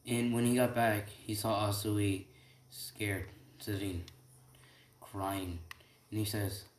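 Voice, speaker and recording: A man's voice: fairly low pitch, level tone, takes it slowly, a little hiss or hum. A man telling an improvised fan story in a rambling way, with many restarts and tag questions. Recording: echoey room, faint typing.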